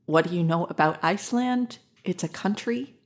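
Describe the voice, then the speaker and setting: A woman's voice: on the low side, moderate pace, close to an everyday voice. A woman playing a cold, contemptuous estate agent. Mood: demanding. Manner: cold and demanding. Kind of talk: radio drama acting.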